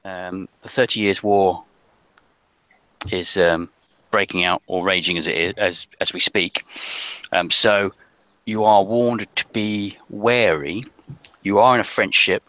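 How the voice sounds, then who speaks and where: A man's voice: low voice, fairly even intonation, a little slow, pauses often, sharp tone, no room sound, poor audio. A man narrating as game master of a tabletop game, hesitant with frequent ums.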